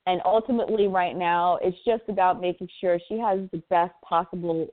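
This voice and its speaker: A woman's voice: lowish voice, steady tone, brisk, no room sound. A woman in her forties, a parent telling her story as a radio interview guest, earnest and impassioned, often repeating words for emphasis. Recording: tinny phone line, dry.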